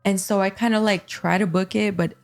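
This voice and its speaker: A young woman tells a scary story in a loose, profane way and acts out the voices of the people in it. Her pitch sits in the middle range, and faint music plays behind her. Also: brisk. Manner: profane, animated storyteller acting out quotes. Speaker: guest. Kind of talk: casual storytelling.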